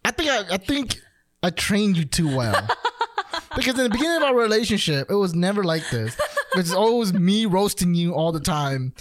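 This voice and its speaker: A man, bantering on a casual podcast. His pitch swings up and down a lot as he teases and plays hurt. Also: big pitch swings, moderate pace. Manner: playful, teasing, mock-offended. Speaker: podcast co-host.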